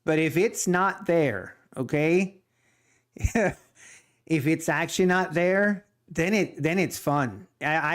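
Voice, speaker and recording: A middle-aged man chatting casually on his live trading stream, joking, laughing often and rambling as he answers viewer chat. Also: fairly high pitch. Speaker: live-streaming day trader.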